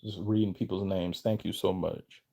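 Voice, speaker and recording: A man chatting on a live stream, reading viewers' messages aloud and answering them off the cuff. He rambles and trails off mid-thought, then starts his sentences over. His voice springs upward whenever he gets excited. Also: normal speed, creaky. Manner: lively, pitch jumps up when excited. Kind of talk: casual live-stream chat.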